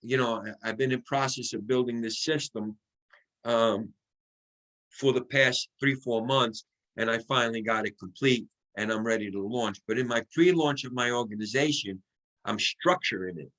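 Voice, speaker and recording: A man giving an excitable, coaching sales training talk over a video call, acting out sample phone calls as he goes. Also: mid-range voice, moderate pace, poor audio. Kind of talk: motivational team training talk.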